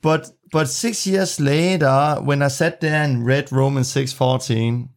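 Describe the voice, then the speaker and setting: A man's voice: medium pitch, steady tone, unhurried. Man, talk host, affirming, stumbling starts. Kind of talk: faith talk show.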